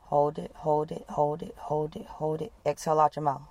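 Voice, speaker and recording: A woman coach leading listeners through a guided breathing exercise, giving calm, repeated instructions. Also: deep voice, normal speed. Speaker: wellness coach.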